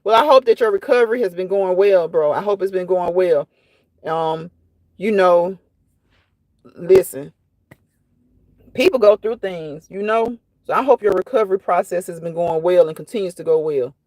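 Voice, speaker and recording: A woman's voice: on the low side, moderate pace, darkish tone, no echo. A woman hosting a casual live stream, reading viewers' comments aloud and reacting to them in a chatty way that often repeats phrases.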